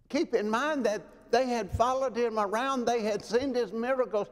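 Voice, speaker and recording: A man preaching a sermon in a church, dramatic, moving from loud pleading to hushed, quiet lows. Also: expressive, normal speed, few pauses. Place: church sanctuary. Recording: long reverb of a church hall.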